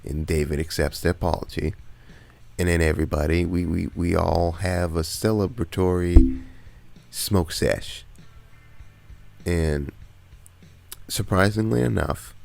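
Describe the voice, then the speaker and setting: A man tells a story to camera in a loose, slangy, laid-back way, often breaking into laughter. His voice sits very low with a gravelly fry. Faint music plays behind him. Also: a little mellow. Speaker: vlogger. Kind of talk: casual storytelling.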